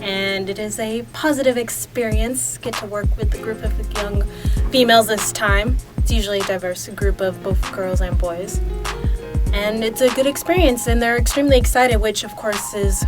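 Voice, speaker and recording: A woman from California, a program volunteer, talking calmly and in a measured way about her experience. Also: medium pitch, over music. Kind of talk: casual interview.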